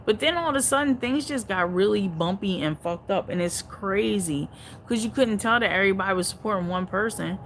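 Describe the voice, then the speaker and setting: A woman hosting a casual livestream, reading viewer comments aloud and reacting to them bluntly, with heavy swearing, swinging between low muttering and loud outbursts. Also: lively intonation, fairly quick, slight background noise, poor audio.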